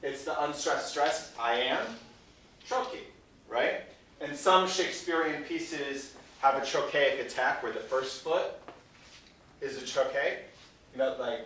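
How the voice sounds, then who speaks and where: In a bit of a bright, mid-range voice, this instructor runs a lighthearted Shakespeare class and keeps checking in with "right?" The audio has a little hiss or hum, and he's heard from far off in a reverberant room.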